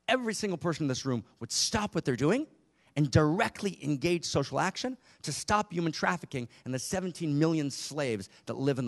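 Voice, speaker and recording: Man, spiritual teacher, impassioned, rhetorical questions, gravelly voice, live room audience. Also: a little high.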